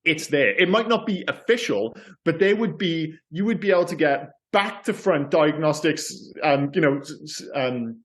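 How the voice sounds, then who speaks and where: Podcast co-host, male, slightly higher-pitched voice, loose rambling delivery that trips over itself. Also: moderate pace, hardly any pauses. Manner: rambling, self-correcting, animated. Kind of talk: casual film discussion.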